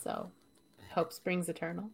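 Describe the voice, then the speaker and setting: A woman with a light Canadian accent co-hosting a podcast in casual chat, chatty and quick to laugh, often restarting her sentences. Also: lowish voice, huge pitch swings, vocal fry, breathy edge. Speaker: podcast co-host.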